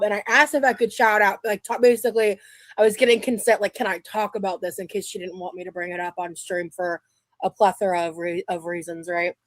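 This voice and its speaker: A woman's voice: mid-range voice, no echo. A young adult woman streaming live, chatting casually and rambling with restarts and fillers.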